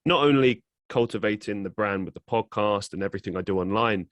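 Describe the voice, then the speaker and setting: A man from London hosting a podcast interview, chatty and quick with frequent laughs. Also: lowish voice, no room sound. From London, England. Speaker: podcast host. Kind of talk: casual interview chat.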